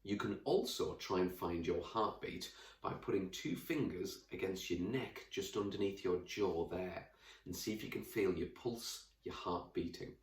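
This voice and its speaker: A fairly low-voiced man teaches a lesson to young children, speaking to them directly and with lively turns. He sits a little away from the microphone in a roomy space. The sound is echoey and slightly distant. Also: a little slow. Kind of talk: classroom lesson to camera.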